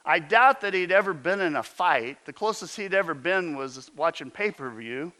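A man's voice: a little high, lively intonation, normal speed, pushed and bright. A man preaching a sermon as a pastor, telling stories and asking emphatic rhetorical questions.

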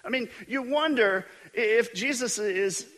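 A middle-aged male pastor preaching a sermon, telling stories with animated, self-mocking humor. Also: very high-pitched, measured pace.

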